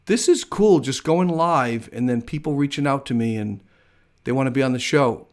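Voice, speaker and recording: Speaking at a normal speed in a mid-range voice, this man from the United States is the host of a laid-back live-stream chat. He's talkative and enthusiastic, laughing frequently.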